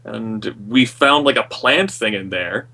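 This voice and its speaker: A man's voice: fairly low pitch, animated, unhurried, creaky, sharp tone. A man playing a tabletop game, chatting casually and rambling with lots of filler words and swearing. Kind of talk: casual out-of-character table talk.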